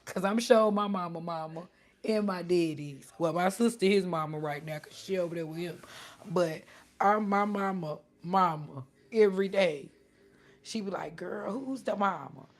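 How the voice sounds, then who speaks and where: A woman's voice: fairly low pitch, moderate pace. A woman chatting casually on her live stream, laughing often and answering her chat.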